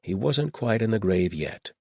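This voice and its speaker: Deep, husky male audiobook narrator. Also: expressive, measured pace, dark tone, no room sound, clean studio sound.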